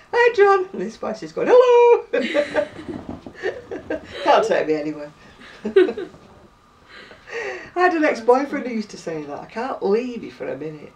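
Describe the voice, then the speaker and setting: A woman's voice: mid-range voice, darkish tone. An older woman with a northern English accent, telling stories in a casual chat and laughing often. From northern England. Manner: chatty storyteller, laughs often. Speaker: crochet vlogger. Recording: distant mic, faint noise.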